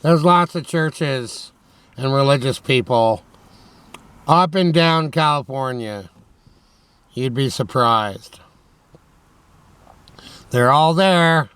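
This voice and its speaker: With a dry recording from a tripod-mounted camera, a man hosts a late-night mock radio show inside his van, rambling casually and joking to himself. His medium-pitched voice is fairly bright and clean, and he takes it slowly with long pauses.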